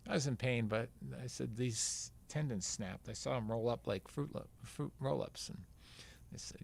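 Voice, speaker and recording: Gravelly older man telling a story. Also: mid-range voice, normal speed, darkish tone. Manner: rambling, acts out quoted dialogue. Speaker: podcast guest, veteran marathon runner. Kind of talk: casual anecdotal storytelling.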